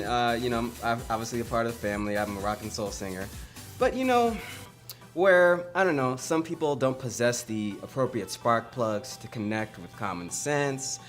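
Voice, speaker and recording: A young American singer jokes his way through a promo interview with playful one-liners. His pitch is mid-range, and faint music hums underneath. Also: fairly bright tone. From United States. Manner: wisecracking, playful. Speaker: singer and performer.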